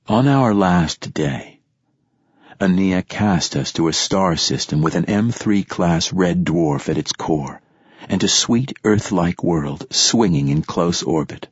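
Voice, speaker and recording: A man reading a first-person story aloud as narrator, measured and steady. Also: low voice, slightly rough, dry recording, dull audio. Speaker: audiobook narrator. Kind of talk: scripted narration.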